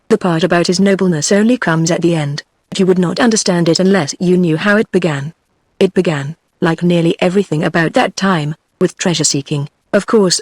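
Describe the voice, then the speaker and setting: A text-to-speech woman's voice with a British English accent, reading a children's novel aloud at an even, unhurried pace. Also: lowish voice, dry recording. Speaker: narrator.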